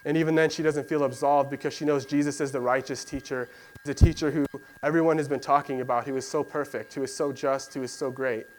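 A man's voice: medium pitch, steady tone, a little fast, poor audio. Conversational male preacher, faint hum. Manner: conversational storytelling with fillers, acts out voices of biblical figures. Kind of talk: sermon.

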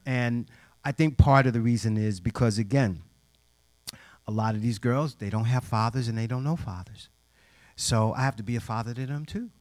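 A middle-aged youth mentor with a fairly low voice and no echo tells personal stories to an audience. He's direct and plainspoken, with informal grammar, and animatedly acts out the voices of the people he quotes.

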